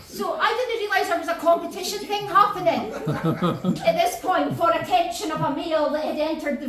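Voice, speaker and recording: A middle-aged woman with a Scottish accent telling a story in off-the-cuff stand-up, brash and full of swearing, acting out the other people. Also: high-pitched. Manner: swears a lot, broad and brash, acts out quotes. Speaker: stand-up comedian. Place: comedy club stage. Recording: roomy live venue, mic from a distance. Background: audience laughing.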